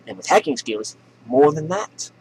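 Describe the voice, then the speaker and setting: A man's voice: on the high side, big pitch swings, normal speed, a little mellow, a little hiss or hum, poor audio. A man hosting a comedy news show, ranting sarcastically and profanely and laughing at his own jokes.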